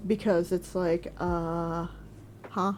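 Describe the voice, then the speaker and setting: Ranting woman, warm low-key voice. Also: little pitch movement, takes it slowly, a little hiss or hum. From Quebec, Canada. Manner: ranting, profane, many fillers. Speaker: streamer. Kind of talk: casual chat.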